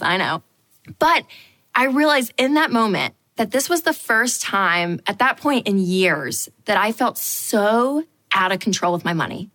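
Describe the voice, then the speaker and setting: A woman hosting a money advice show, telling a lively personal story and acting out her own reactions. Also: medium pitch. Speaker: show host.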